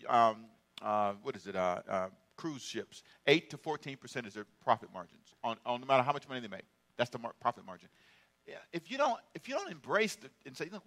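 A male pastor delivers an animated sermon full of humor and call-and-response. His voice sits high and sounds bright and forceful.

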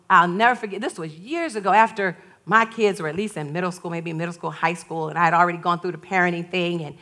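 Bright-voiced older woman preaching. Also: fairly low pitch. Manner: storytelling, animated, laughs often. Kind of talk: sermon.

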